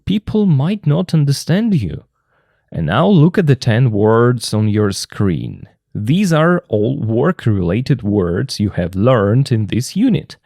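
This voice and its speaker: A man whose first language is Russian, explaining an English textbook lesson slowly and carefully as a teacher. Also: medium pitch, vocal fry, mellow, no echo, studio quality.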